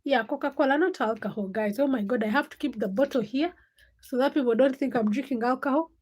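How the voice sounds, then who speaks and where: A woman's voice: high voice, fast talker, a little mellow. A young woman hosting a casual late-night livestream, chatting and teasing viewers by name as she reads their comments. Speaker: livestream host.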